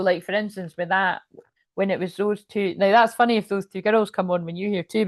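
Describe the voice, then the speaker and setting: A woman's voice: lowish voice, no echo. A woman giving a live tarot reading in a loose, rambling way. She swears casually and keeps checking in with her listeners. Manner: keeps checking in with "you know what I mean". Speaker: tarot reader.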